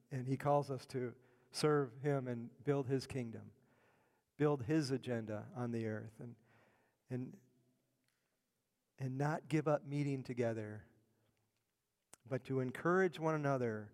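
A middle-aged pastor preaches to his congregation in a church sanctuary, speaking conversationally and repeating words often as he builds his point. His mid-range voice is clear and resonant with a darkish tone, carried by a long hall reverb.

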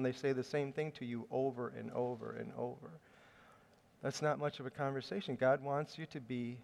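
Male preacher, slightly high, resonant voice, casual storytelling sermon in a reverberant hall. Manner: conversational storytelling with hesitations.

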